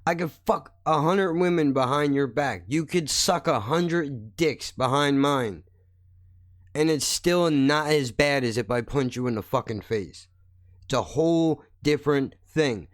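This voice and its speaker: A man's voice: mid-range voice, no echo. Podcast host, male, heated profane rant, close dry mic. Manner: blunt, heated, swears constantly. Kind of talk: angry profane monologue.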